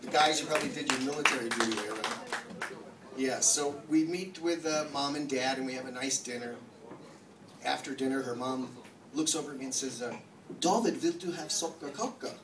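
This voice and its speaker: Brash New Jersey comedian in echoey club. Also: male voice, medium pitch, steady tone, fairly quick. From New Jersey, USA. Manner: brash, profane, swings into loud mock-angry bits. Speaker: stand-up comedian. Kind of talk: stand-up comedy set. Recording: echoey club from far off with noise.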